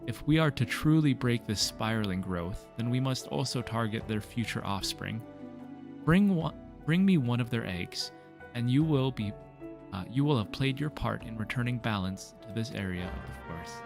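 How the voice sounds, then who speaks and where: A man reading aloud the lines of an earnest conjurer asking an adventurer for help, in a formal, measured way. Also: mid-range voice, animated, creaky, soft background music.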